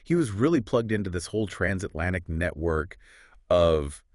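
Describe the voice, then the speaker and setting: A man with a low voice hosts a podcast in an easy, conversational way. He keeps things upbeat, tossing out quick, clipped phrases. The sound is dry and close, with no room around it. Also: expressive, darkish tone, no echo. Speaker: podcast host. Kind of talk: casual podcast chat.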